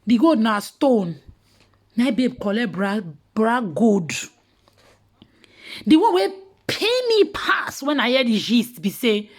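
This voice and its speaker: A woman with a Nigerian Pidgin accent telling gossip in casual commentary, mocking and animated, sometimes dropping to hushed asides. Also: fairly high pitch, slow, long pauses. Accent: Nigerian Pidgin English.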